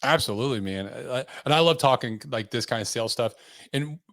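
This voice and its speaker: A man's voice: medium pitch, brisk, fairly bright tone, dry recording, clean studio sound. A man hosting a podcast, chatting casually and agreeing with enthusiasm. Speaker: podcast host.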